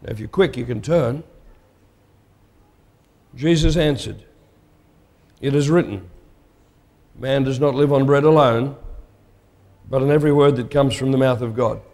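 A man's voice: mid-range voice, measured pace, pauses often, darkish tone. A man preaching a sermon in a conversational, emphatic way, putting questions to his listeners. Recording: long hall reverb.

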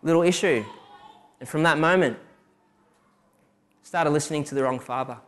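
A young man delivers a sermon, moving between personal stories and a string of rhetorical questions. His voice sits a little higher than most men's. He speaks with a personal, testimony-like directness. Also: normal speed, fairly bright tone. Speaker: preacher giving a testimony.

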